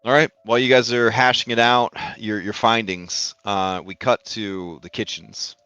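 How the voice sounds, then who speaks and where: Chill low-voiced dude running a tabletop game, jokey, swears a bit, dry close sound. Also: male voice, fairly even intonation, moderate pace, pushed and bright, clean tone, no room sound. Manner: laid-back, jokey, swears casually. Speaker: game master.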